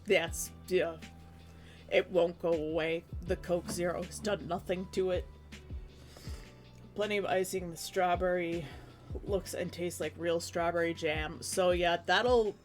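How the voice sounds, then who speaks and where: Brief: young woman streamer, low-pitched, rambling casual chat, faint music underneath. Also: unhurried. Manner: chatty, rambling, frequent laughs and restarts.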